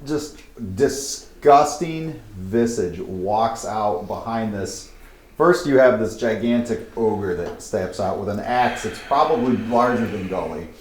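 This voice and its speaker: Game master, male, slow descriptive narration, roomy sound. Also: fairly low pitch, lively intonation, a little hiss or hum.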